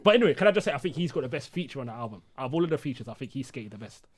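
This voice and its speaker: A man co-hosting a podcast in casual chat, excitable and quick to laugh, often repeating himself. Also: medium pitch. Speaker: podcast co-host.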